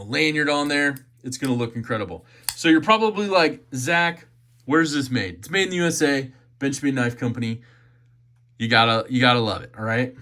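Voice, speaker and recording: A man's voice: mid-range voice, bright, forceful tone. A man giving a chatty, enthusiastic knife unboxing review, often repeating his phrases.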